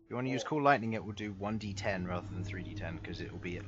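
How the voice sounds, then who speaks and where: A man running a tabletop game as game master, narrating scenes and explaining rules briskly. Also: low-pitched. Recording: dull lo-fi mic.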